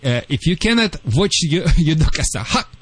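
A man with a Russian accent, a dog trainer on a call-in radio show, giving lively advice in slightly broken English. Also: on the high side, moderate pace, a little hiss or hum, poor audio. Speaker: dog trainer answering callers.

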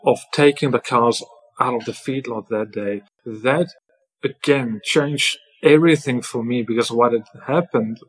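A man with a husky, breathy voice recounts his past in an earnest interview. He speaks at a mid pitch and keeps checking in with the listener with a quick "right?". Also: low-quality recording. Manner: earnest, often tags sentences with "right?". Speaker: podcast guest, former farm worker. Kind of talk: emotional first-person storytelling in an interview.

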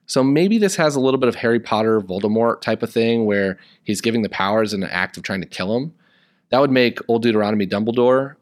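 A man's voice: mid-range voice, no echo, studio quality. A young man hosting a podcast in a casual, joking way, chatting wryly about a musical and its fan fiction. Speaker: podcast host.

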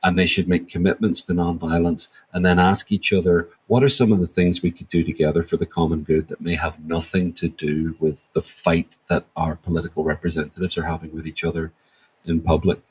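A man's voice: deep voice, level tone, brisk, a little mellow, husky, rough recording. A man speaking as an interview guest, reflective and searching for words as he talks. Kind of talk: thoughtful interview answer.

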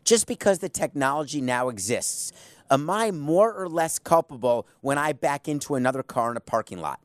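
A man's voice: a little high, animated, normal speed, no room sound. A man hosting a sports talk show, arguing his point with rhetorical questions and emphatic asides. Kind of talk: opinionated sports talk monologue.

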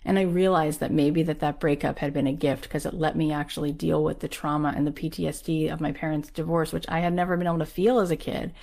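Woman in her 30s, low voice, telling a story, lots of "like", jumps into voices for the people she quotes. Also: quick pace, gravelly, few pauses. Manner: animated, acts out quoted voices, frequent "like". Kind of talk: personal storytelling.

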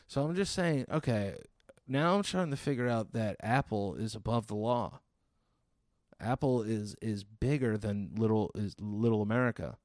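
A man in his thirties telling a profane, exasperated comic story as a podcast host, quickly acting out the people in it. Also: fairly low pitch, expressive, darkish tone, no echo. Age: 30s. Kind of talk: solo comedic storytelling.

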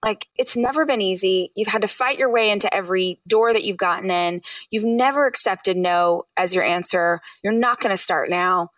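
A woman in her thirties, an author guest on an interview podcast, telling her story with lively acted-out quotes. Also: normal speed, few pauses, no echo, recorded from a distance. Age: 30s. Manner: animated, acts out quotes with high bursts.

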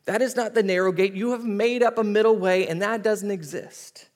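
High-voiced animated male pastor. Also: moderate pace. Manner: animated storytelling, acting out voices. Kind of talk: sermon.

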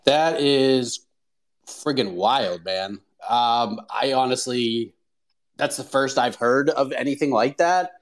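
Male host, energetic and casual, mid-range voice. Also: mid-range voice, takes it slowly. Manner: upbeat, energetic, talks to listeners. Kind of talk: casual chat.

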